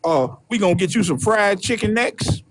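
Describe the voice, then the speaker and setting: A man's voice: sits high, animated, moderate pace. A man voicing a smug slave master who coaxes with patronizing promises. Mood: cajoling. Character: smug scheming male slave master, cajoling.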